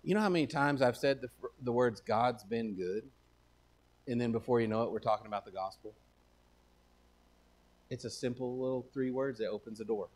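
A man's voice: mid-range voice, moderate pace, pauses often. A man with a Texan accent preaching a sermon in a folksy, conversational way that swells into emphatic declarations. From Texas. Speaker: pastor.

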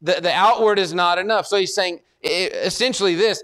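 A man's voice: normal speed, hardly any pauses, fairly bright tone. A man preaching a sermon in an earnest way, often repeating words as he builds to a point. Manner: earnest, repeats words, rises in pitch and force when exhorting.

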